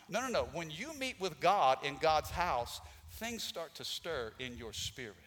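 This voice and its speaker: A man's voice: a little high, very animated, moderate pace, hardly any pauses, a bit bright, long reverb tail. A man preaching a Sunday sermon as pastor, calling for responses from the congregation and rising to emphatic peaks. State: out of breath. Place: church sanctuary.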